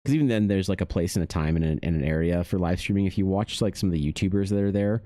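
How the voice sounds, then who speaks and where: A man with a deep, warm voice talks fast while hosting an art live stream, chatting casually with his viewers and reading their messages aloud. He rambles, dropping in plenty of fillers. The recording is dry and studio quality.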